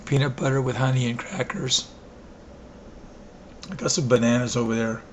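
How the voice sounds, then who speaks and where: A hoarse, mid-pitched man chatting loosely into his camera for a video diary. He wanders from thought to thought, trailing off and restarting, often putting himself down. A faint hiss of background noise sits under the voice. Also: fairly even intonation, normal speed. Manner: meandering, many fillers and restarts, self-deprecating. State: hoarse, coughing. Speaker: vlogger. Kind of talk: rambling casual video diary. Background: wind blowing outside.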